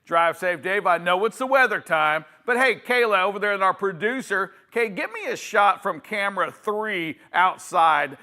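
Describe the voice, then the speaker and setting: A man hosting a live trucking show, chatty and energetic, who keeps tossing to his co-host by name. His voice runs high for a man, with a ringing, vivid edge. The banter is delivered fast and upbeat from the studio.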